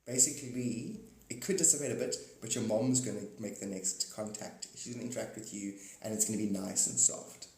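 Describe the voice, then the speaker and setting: A man's voice: on the low side, fairly even intonation, a little fast, hardly any pauses, darkish tone. A man hosting a live stream, rambling about spiritual ideas with playful wordplay, chuckling often and talking to viewers by name. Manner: speaks straight to viewers by name. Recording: roomy echo.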